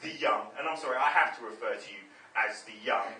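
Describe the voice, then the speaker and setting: A man's voice: on the low side, fast, sharp tone. A man doing a stand-up set, chatty and self-deprecating, riffing with the crowd. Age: 30s. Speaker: stand-up comedian. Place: comedy club stage. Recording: roomy, distant live club recording. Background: audience laughter.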